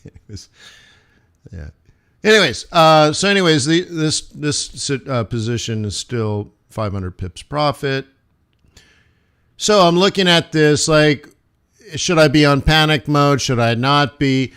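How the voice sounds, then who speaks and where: A man's voice: fairly high pitch, animated, a little slow, a bit bright, clean tone. A man hosting a live forex trading stream, talking through charts in a casual, rambling way with joking asides.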